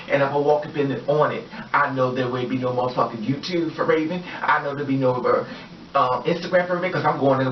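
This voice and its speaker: A woman's voice: low-pitched, a little hiss or hum. A woman vlogger ranting in a heated, profane and emphatic way. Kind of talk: personal vlog rant. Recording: echoey, distant, dull-sounding room recording.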